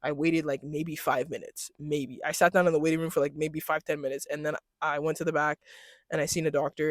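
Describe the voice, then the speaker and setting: A young woman vlogger telling a story in casual chat, slangy and animated, laughing often and switching into loud mocking voices when she quotes people. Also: low voice, fairly quick, dry recording, clean studio sound.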